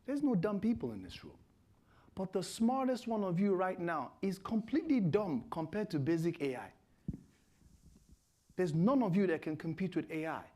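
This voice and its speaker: Emphatic man with a mellow voice. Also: high-pitched, big pitch swings, normal speed. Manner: emphatic, lecturing. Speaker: lawyer, panelist. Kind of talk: panel discussion.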